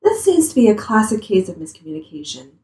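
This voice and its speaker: Woman reading as a blunt, nosy coworker in a storybook; lively pitch, roomy echo. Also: fast, natural voice. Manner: blunt, teasing.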